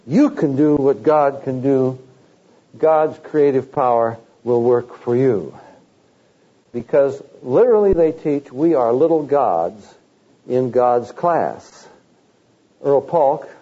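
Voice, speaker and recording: A man preaching a sermon, animated, with rising emphasis and mocking quotes of the teachers he criticizes. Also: mid-range voice, husky, lo-fi sound.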